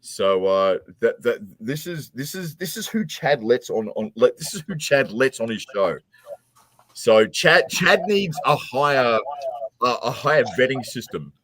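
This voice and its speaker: A man's voice: medium pitch, sing-song, measured pace, fairly bright tone, no room sound. A man hosting a beer review livestream, talking in rambling restarts and teasing his guests. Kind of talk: casual chat on a livestream. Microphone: remote stream call.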